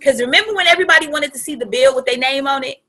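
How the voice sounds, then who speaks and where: Animated woman coach, forties, bright high delivery, casual and chatty, for a team pep talk. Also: racing. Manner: animated and colloquial, with laughing asides. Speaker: business coach.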